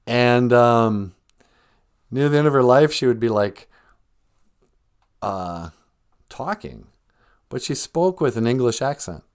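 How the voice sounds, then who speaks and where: A man hosting a live comedy podcast, rambling through mock-earnest, deadpan satire. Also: medium pitch, slow, pauses often, clear, resonant tone. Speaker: podcast host.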